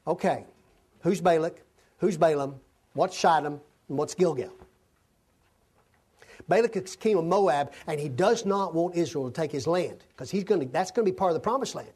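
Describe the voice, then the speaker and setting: In this expository Bible sermon, a male preacher reads scripture and drifts into folksy, conversational side remarks. His high-pitched voice is brisk and lively in intonation, with long pauses, a little mellow and slightly rough.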